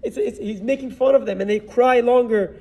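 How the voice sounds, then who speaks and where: Rabbi guy telling a bible story, pretty high voice, sounds a bit far from the mic. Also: normal speed, warm tone. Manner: storyteller mixing in Hebrew terms and verses. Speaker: rabbi giving a Torah talk. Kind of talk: retelling a Bible story in a sermon.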